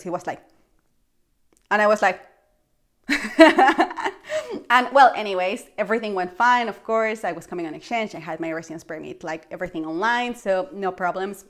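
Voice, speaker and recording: A young woman with a Mexican Spanish accent tells a story straight to her viewers in a casual vlog. Her voice sits at a middle pitch. She talks freely with lots of fillers and jumps into animated exclamations as she acts out what she thought. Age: young adult. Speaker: vlogger.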